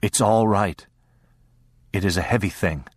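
A man's voice: lowish voice, unhurried, slightly rough, dry recording. A man voicing a grave father who speaks briefly and dryly, stern but tender, in a storybook reading. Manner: brief and dry.

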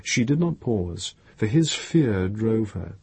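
A man reads fiction aloud as the audiobook narrator, in slow, measured narration. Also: on the low side, very animated, a little mellow, slightly rough, no echo. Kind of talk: scripted narration.

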